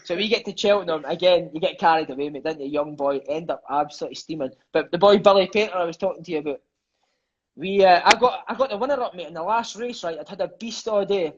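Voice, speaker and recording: A lively Scottish man, a former footballer appearing as an interview guest, tells football stories in a casual chat. His voice is high-pitched and quick, and he's animated, swears, and keeps dropping "mate" into his lines. The recording has a dull, lo-fi sound.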